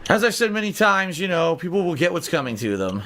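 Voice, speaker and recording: Man, game streamer, furious profane rants, lively swooping pitch, high voice. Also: fairly quick, slight background noise. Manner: angry, profane ranting; swings between high outbursts and low grumbles. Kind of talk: gaming livestream commentary.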